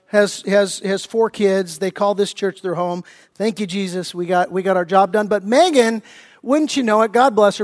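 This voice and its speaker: A middle-aged man preaching a sermon as pastor, telling a family story with animated, acted-out voices. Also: high voice, big-room sound. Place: church sanctuary.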